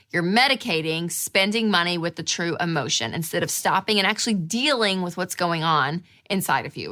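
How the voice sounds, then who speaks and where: A woman in her thirties hosting a show, talking casually to camera in an animated way, acting out inner voices with big jumps in pitch. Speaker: show host.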